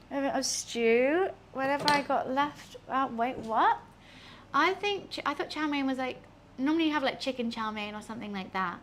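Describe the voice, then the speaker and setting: A young woman talks her way through cooking in her home kitchen, musing aloud and swearing lightly. Her voice sits a little high and she speaks slowly. A faint hum of background noise sits under her voice. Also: fairly bright tone. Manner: chatty, swears casually, talks to herself. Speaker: streamer. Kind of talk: casual cooking livestream chat.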